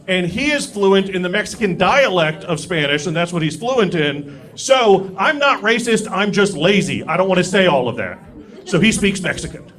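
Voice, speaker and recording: Man, stand-up comedian, high-pitched, animated, stage mic, roaring crowd. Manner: animated, self-mocking delivery. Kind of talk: stand-up set. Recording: live club recording with crowd. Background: audience laughter.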